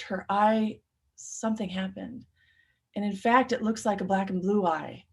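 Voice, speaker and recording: An expressive woman recounting a true story for a live storytelling slam. She swings between loud urgency and hushed, quiet passages, at a middling pitch for a woman. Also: normal speed, vocal fry, slightly rough.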